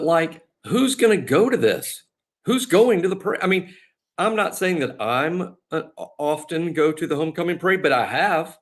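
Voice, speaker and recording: A man's voice: medium pitch, a bit bright. A man co-hosting a casual sports podcast, with laid-back, wry remarks. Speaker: podcast co-host.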